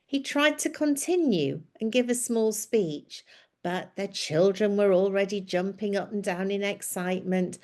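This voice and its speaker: A woman telling a story in a scripted narration, reading in a gentle, descriptive way. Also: medium pitch.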